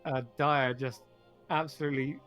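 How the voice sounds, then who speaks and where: Game master, male, playful and animated narration over a voice call, music faintly underneath. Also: medium pitch, normal speed.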